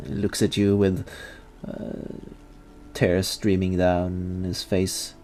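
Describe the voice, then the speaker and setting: A man narrating a tabletop role-playing game as game master, in second person and with halting pauses and fillers. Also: low-pitched, completely flat delivery, darkish tone, slight background noise.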